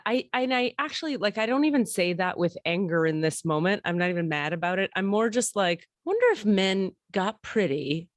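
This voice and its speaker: A woman's voice: mid-range voice, dry recording, studio quality. A woman hosting a podcast, telling long casual stories, swearing freely and laughing as she talks. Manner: chatty storyteller, swears, laughs often. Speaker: podcast host. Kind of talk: casual chat.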